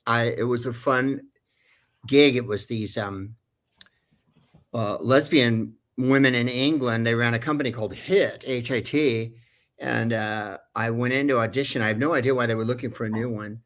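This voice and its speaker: Male voice actor as a chatty guest, rambling through a story, full of fillers, mid-pitched. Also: fairly even intonation, moderate pace, a bit bright. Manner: rambling, digressive, many fillers. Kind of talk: casual anecdote telling.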